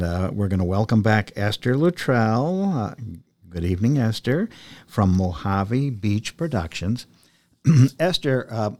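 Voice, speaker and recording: A man hosting a radio show, speaking in a measured, formal way with many filler pauses. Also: fairly low pitch, mellow, dry recording. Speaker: host.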